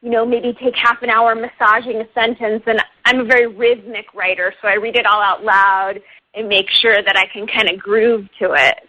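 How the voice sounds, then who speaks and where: A talkative woman with a fairly high voice chats as an interview guest, upbeat and quick to laugh. Her voice comes through a dull, lo-fi online radio recording that takes the edge off the sound. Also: fairly even intonation. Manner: chatty, upbeat, laughs often. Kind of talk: casual interview talk.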